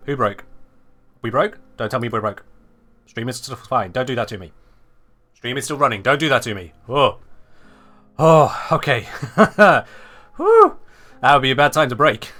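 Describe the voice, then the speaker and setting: A British man chatting playfully with his live-stream audience while he plays a game. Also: mid-range voice. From Britain. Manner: animated, playful, talks back to chat.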